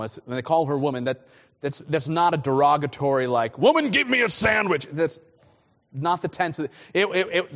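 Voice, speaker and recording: A fairly high-voiced man preaches a conversational sermon, often stumbling and repeating words as he restarts. The sound is muffled, and his voice carries a long reverb from a church hall. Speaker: pastor.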